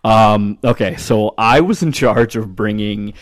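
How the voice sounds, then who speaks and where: A man's voice: lowish voice, unhurried, no echo, clean studio sound. A young man hosting a casual podcast chat, telling rambling stories and swearing casually.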